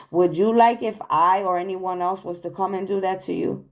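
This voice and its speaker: A woman's voice: medium pitch, moderate pace, few pauses, a little mellow. A woman giving an earnest, accusatory spiritual monologue to her viewers, recorded on a phone. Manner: earnest, accusatory, repetitive declarations. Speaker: spiritual channel host.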